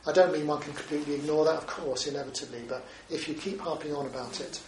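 Speaking fast with a fairly high pitch and fairly even intonation, a male Buddhist teacher gives a conversational dharma talk, often ending points with tag questions like "isn't it?" The distant mic picks up roomy echo, faint ambience, and a little hiss or hum.

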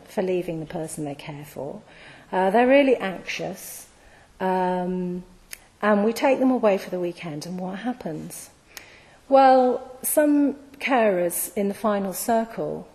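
A woman gives a reflective storytelling talk, with many ums and phrase endings that trail off softly. Her voice sits mid-range, and a long hall reverb rings behind it. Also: mid-range voice. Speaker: speaker at a Buddhist gathering.

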